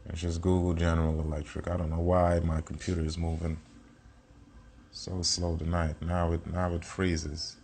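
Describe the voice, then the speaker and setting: A man's voice: sits low, completely flat delivery, normal speed, darkish tone, slight background noise. A man teaching casually, in a blunt and slangy way with plenty of swearing, repeating his points as he walks through a screen share. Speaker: self-taught investing teacher.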